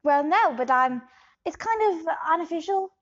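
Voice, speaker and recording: A woman improvising a shady quack doctor, high-pitched and evasive. She rambles with many pauses and slides between put-on accents. The sound is dull and lo-fi. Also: lively intonation. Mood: boastful. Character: shady scam doctor with shifting fake accents. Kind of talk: improv comedy scene.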